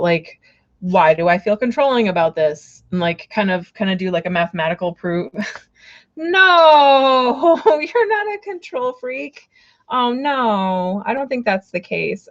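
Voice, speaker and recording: A woman's voice: lowish voice, highs cut off. A woman giving casual card readings on a live stream, rambling with lots of fillers, laughing and apologizing often.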